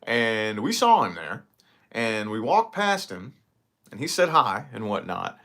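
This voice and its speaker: A man's voice: on the low side, unhurried, gravelly. A man chatting casually to camera in his vlog, rambling and profane as he tells stories. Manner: rambling, profane, animated storytelling. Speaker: vlogger.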